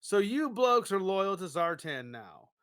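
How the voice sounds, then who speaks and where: Casting note: man doing a sneering biker thug from a storybook, bright and a touch high, dry sound. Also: sing-song, dry recording, full character voice. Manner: sneering, slow and suspicious. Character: gruff Australian male biker thug.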